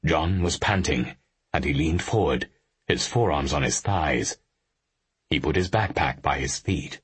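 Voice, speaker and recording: A male audiobook narrator with a very deep voice. His tone is husky and his delivery is steady and measured. The recording is close and dry. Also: dry recording. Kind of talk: scripted narration.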